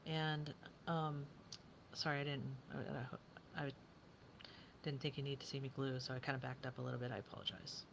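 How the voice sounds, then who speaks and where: A woman's voice: rumbling low, steady tone, moderate pace, gravelly, noisy background. A woman chatting casually as she works on a craft project, thinking aloud and often dropping to a whisper.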